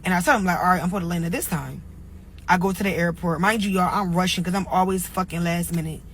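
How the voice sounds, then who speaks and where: The storyteller in this clip is a young single mother whose voice runs on the low side and fairly bright as she talks fast. Her casual telling is full of "like" and "or whatever," and the low-quality recording has a little hiss or hum.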